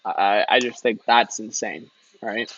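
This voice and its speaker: A man's voice: on the low side, fairly even intonation, a little slow, fairly bright tone, dull audio. A young man doing casual live-stream hockey commentary, chatting loosely and answering his viewers. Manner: chatty, reads and answers chat, lots of "like" and "man".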